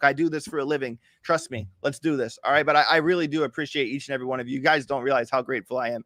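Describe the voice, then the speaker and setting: A man's voice: medium pitch, steady tone, racing, few pauses, a bit bright, no echo, clean studio sound. A man hosting a casual crypto trading livestream, walking viewers through charts in a chatty, hyped, joking way. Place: home, in Miami.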